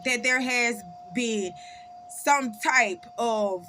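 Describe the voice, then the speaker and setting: A woman's voice: a little high, very slow, pushed and bright, slight background noise. A woman hosting a casual commentary talk, blunt and emphatic, repeating her points for weight. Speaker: commentary channel host. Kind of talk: casual true-crime commentary.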